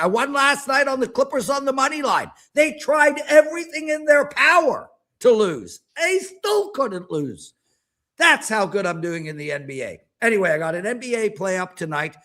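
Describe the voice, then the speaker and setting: A man in his fifties with a high-pitched voice talks sports bets on a casual panel show. He rants with animated energy and self-mocking jabs. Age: 50s. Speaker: sports betting handicapper.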